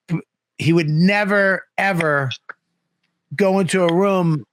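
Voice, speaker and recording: A man's voice: high-pitched, unhurried, no echo, studio quality. A man telling a casual, profane story, acting out the people he quotes. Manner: profane, animated, acts out quotes. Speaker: guest comedian.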